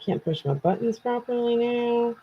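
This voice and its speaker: A woman's voice: on the high side, lively intonation, moderate pace, a little hiss or hum. A tired woman from Canada hosting a casual true crime live stream, chatting with viewers in a self-deprecating way. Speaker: true crime channel host. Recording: dull lo-fi home stream audio.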